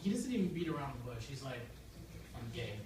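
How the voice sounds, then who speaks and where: A young man with an American accent performing a stand-up set, telling his stories deadpan and breaking into sudden loud outbursts. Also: a little high, racing. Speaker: stand-up comedian. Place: comedy club stage. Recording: echoey club room from far off, noisy. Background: audience laughter.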